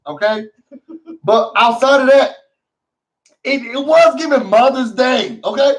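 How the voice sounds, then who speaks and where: A man with a notably high voice runs a casual recap vlog with sassy, theatrical flair, calling out to his viewers. He sits a little back from the mic, so his voice sounds somewhat distant. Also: normal speed. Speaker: show recap host.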